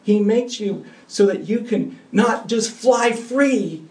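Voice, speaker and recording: Earnest preacher man, gravelly and roomy. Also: sits high, slow pace. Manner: earnest, emphatic, swings between soft and loud. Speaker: pastor. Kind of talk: sermon with closing prayer. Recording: roomy sound from a distant mic.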